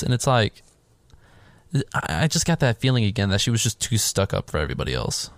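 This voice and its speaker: A man's voice: medium pitch, huge pitch swings, a little fast, dry recording, studio quality. A man casually retelling a film's plot as a podcast co-host, swearing freely and acting out his own reactions. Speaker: podcast co-host recapping a film. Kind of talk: casual chat.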